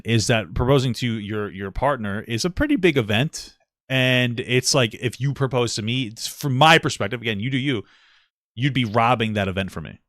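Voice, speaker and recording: A man's voice: medium pitch, dry recording, clean studio sound. A man in his thirties co-hosting a casual podcast chat, blunt and profane, often laughing at himself. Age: 30s. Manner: blunt and profane, self-deprecating, animated swings in loudness. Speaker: podcast co-host.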